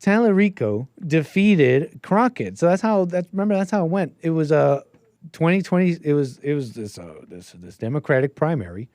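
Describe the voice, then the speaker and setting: A man's voice: on the high side, expressive, moderate pace, a little mellow, dry recording. A man hosting a casual political commentary stream, rambling, thinking aloud and laughing often. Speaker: host.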